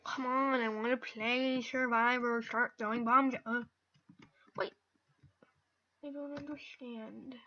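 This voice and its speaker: A young woman chatters over her gameplay in a high, bright voice. She drawls along slowly, then breaks into squeals and quick whispered asides. The recording is dull and lo-fi. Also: steady tone. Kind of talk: casual gameplay commentary. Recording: dull lo-fi mic.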